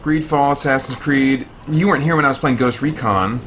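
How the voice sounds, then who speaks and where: A man's voice: medium pitch, fairly quick, fairly bright tone, slight background noise. A man live-streaming a game, chatting playfully, laughing often and reading viewer comments aloud. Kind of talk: casual chat while live-streaming a game.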